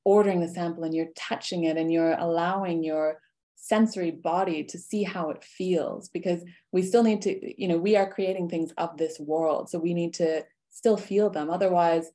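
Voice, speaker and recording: A woman's voice: on the low side, fairly even intonation, normal speed, warm tone. A woman speaking as a guest on a podcast interview, talking earnestly and thoughtfully, laughing easily.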